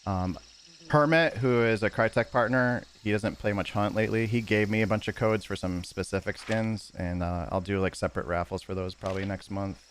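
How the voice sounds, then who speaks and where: A man's voice: fairly low pitch, fairly even intonation, brisk, a little hiss or hum. A man streaming a video game, chatting casually with his viewers in a loose, rambling way that corrects itself as it goes.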